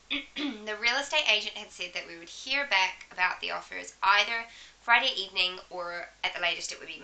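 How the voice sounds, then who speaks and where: Bright New Zealand woman with a head cold. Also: lowish voice, poor audio. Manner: chatty storytelling with asides, coughs and throat clearing. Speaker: vlogger. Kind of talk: casual chat to camera.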